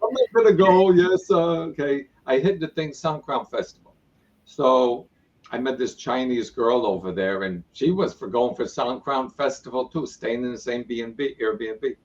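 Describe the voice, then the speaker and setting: Man telling his spiritual story as a guest, lively and acting out quotes, set back from the mic. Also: mid-range voice, moderate pace, distant mic, dull audio. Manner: retells events with repeated "I go" and acted-out quotes. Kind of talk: animated personal storytelling.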